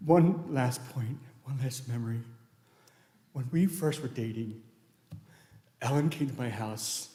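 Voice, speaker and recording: A man's voice: mid-range voice, a little slow, pauses often, dark tone. A man giving a eulogy for his late wife at a funeral, telling rambling, anecdotal stories with many restarts. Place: large church sanctuary. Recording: echoey church hall.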